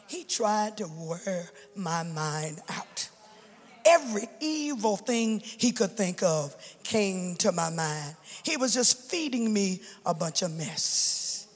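A woman's voice: mid-range voice, big pitch swings, slow. Woman, a pastor's widow, giving emotional church testimony into fervent preaching; long reverb from a big hall.

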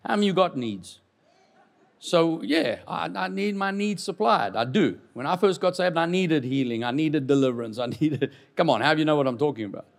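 Guy preaching, kinda high voice, jokey, goes loud then quiet, really lively. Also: a little fast, creaky. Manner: animated, jokes with congregation, swings from loud to quiet. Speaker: pastor. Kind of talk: lively sermon.

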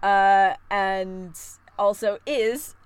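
A woman's voice: mid-range voice, fairly even intonation, very slow, smooth, dry recording. A woman player in a tabletop game, chatting in a giggly, self-deprecating way. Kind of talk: casual chat at a tabletop game.

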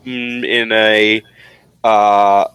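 A man running a tabletop game as game master, describing scenes in a halting way with many fillers. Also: fairly low pitch, little pitch movement, fairly bright tone, smooth, no room sound.

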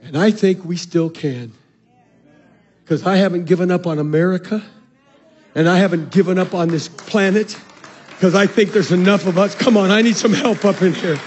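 Man preaching, very high voice, shouting then dropping soft, calling to the crowd. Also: normal speed, dull audio, slight background noise. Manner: preaching with shouted peaks and sudden soft drops; calls out to the congregation. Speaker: pastor. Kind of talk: sermon.

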